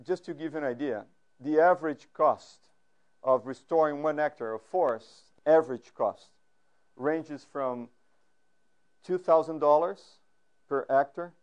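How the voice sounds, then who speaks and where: A man gives a lecture at a mid-range pitch. He talks with frequent fillers and restarts. Now and then he turns to the audience with questions. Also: a little mellow. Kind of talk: academic lecture. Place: lecture room.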